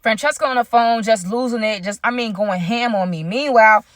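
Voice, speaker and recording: A woman's voice: on the high side, a little fast, no echo. Young woman vlogger, chatty storyteller, speaks to her audience, dry mic. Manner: chatty, keeps addressing viewers directly. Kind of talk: storytime vlog.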